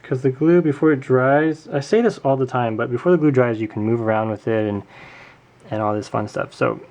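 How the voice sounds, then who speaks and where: A chatty man walks through a craft build in a casual tutorial, full of little asides and self-corrections. His voice has a gravelly, fry-edged texture at a mid pitch. He sounds like he's talking into a camera mic at a home work table. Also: brisk, a little mellow. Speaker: tutorial host.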